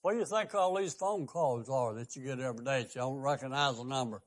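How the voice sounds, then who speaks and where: A man's voice: medium pitch, fast. An older man, preaching a fervent sermon as a radio pastor and host, stressing his points with rising questions.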